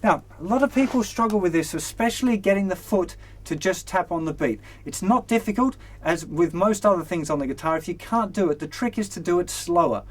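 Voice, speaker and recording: A young man teaching a guitar lesson, relaxed and encouraging, counting beats aloud as he plays. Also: high-pitched, brisk, hardly any pauses. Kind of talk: instructional lesson. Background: guitar strumming.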